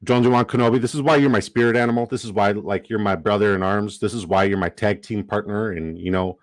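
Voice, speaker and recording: A young man hosting a livestream in casual chat, profane, excitable and given to rambling asides. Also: on the low side, a little fast, few pauses, no room sound. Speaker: livestream host.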